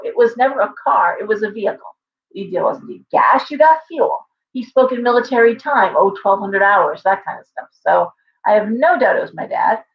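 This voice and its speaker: A woman talks on a casual live stream in a rambling storyteller's way, often breaking off and restarting her sentences. Her voice has a gravelly fry to it, and the stream audio sounds dull and lo-fi. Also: mid-range voice. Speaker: shop owner hosting a live stream. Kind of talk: casual livestream chat.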